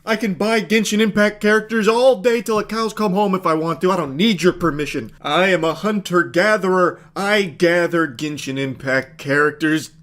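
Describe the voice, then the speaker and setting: A man voicing a whiny, entitled grown man who sounds defensive and self-righteous, his voice jumping shrill and high as he protests. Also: normal speed, few pauses, fairly bright tone. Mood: boastful.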